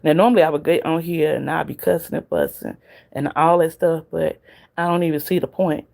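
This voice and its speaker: A woman's voice: deep voice, expressive, brisk, gravelly, darkish tone. A woman with a Southern US accent hosting a casual livestream, talking straight to viewers in the chat and laughing often. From Southern United States. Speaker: livestream host.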